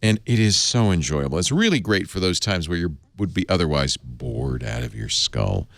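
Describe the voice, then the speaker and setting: Low-voiced guy doing a rambly excited ad read, swoops up and down a lot, dry studio sound. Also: normal speed, creaky, dry recording. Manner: enthusiastic, chatty, rambling. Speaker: podcast host. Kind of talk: live ad read on a tech talk show.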